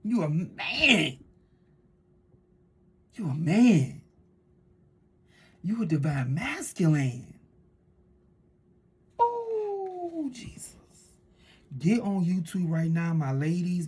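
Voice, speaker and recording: Husky-voiced woman preaching fervently. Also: deep voice. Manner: fervent, preachy, swings between loud declarations and hushed asides. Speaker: tarot reader. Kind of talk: casual spiritual monologue.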